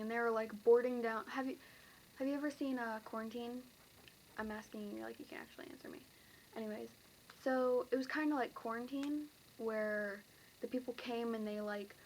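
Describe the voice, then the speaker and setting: A woman's voice: on the high side, a little hiss or hum, low-quality recording. Rambling teenage girl telling a dream. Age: teens. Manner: rambling, filler-heavy, breathless retelling. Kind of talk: casual storytelling to camera.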